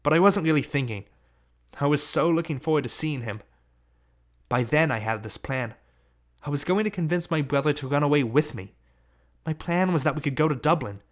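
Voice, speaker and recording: A man reading an audiobook, narrating a story in steady first person. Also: fairly high pitch, fairly quick, long pauses. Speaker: audiobook reader.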